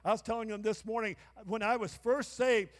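A man in his sixties preaching a sermon as pastor, calling out to the congregation for responses and breaking into shouts. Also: high-pitched, steady tone, fairly quick. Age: 60s. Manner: call-and-response, bursts of shouting. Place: church sanctuary. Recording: long reverb of a church hall.

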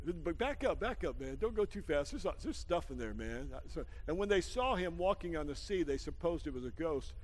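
A man preaching a lively sermon, laughing often and swinging from shouts down to hushed asides, with a folksy habit of saying "man.". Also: fairly high pitch, moderate pace, hardly any pauses, long reverb tail. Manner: folksy, calls everyone "man". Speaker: pastor.

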